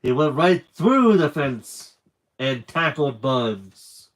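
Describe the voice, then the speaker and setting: A man reading a children's book aloud on a live stream with lively, animated narration and chatty asides. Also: on the high side, slow pace, low-quality recording.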